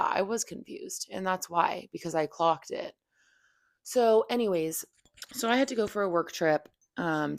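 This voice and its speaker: Young female podcast host, low gravelly voice, candid and profane, dry close mic. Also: no room sound. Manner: heavy "like" fillers, profane, venting. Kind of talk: candid personal storytelling.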